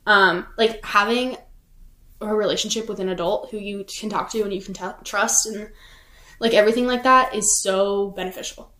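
A teenage girl chats casually as a podcast co-host, her mid-pitched voice ringing in an echoey room. She leans on "like" and "um" as she talks. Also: fairly even intonation, moderate pace, pushed and bright. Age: teens. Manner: chatty, heavy use of "like" and "um". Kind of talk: casual chat.

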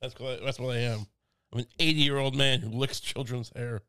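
A man's voice: mid-range voice, steady tone, fairly quick, bright, forceful tone, smooth. A young man co-hosting a casual comedic podcast chat, rambling with stammered restarts and silly put-on voices. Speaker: podcast co-host.

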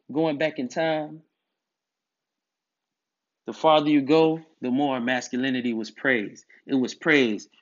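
Speaking straight to the camera, a male commentator on masculinity delivers an emphatic, preachy monologue and keeps circling back to the same points. His voice is slightly high with a fairly bright tone, and the lo-fi recording sounds dull.

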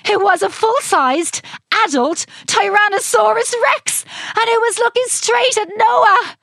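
A woman reading a children's storybook aloud in an expressive, animated way. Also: very high-pitched, measured pace, creaky, dry recording, studio quality.

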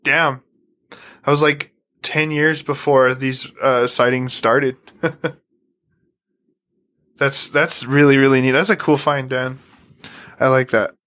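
A man's voice: mid-range voice, fairly even intonation, takes it slowly, pauses often, a bit bright. A man hosting a podcast, talking casually, laughing often and swearing freely. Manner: laid-back, profane, laughs a lot. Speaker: podcast host.

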